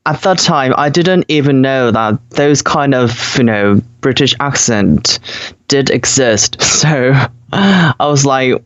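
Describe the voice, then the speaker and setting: A man's voice: mid-range voice, slow pace, fairly bright tone, muffled recording. A young man from South Korea, a native Korean speaker, chatting as a podcast guest in a hesitant way with many fillers and frequent laughs. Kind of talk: casual podcast chat.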